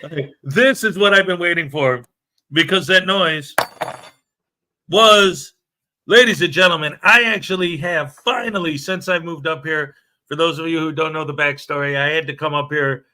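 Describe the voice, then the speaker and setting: A man with a bright, forceful voice pitched a little high hosts a casual morning livestream. He keeps up a joking, chatty patter, greeting viewers and reading their comments aloud. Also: normal speed. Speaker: livestream show host.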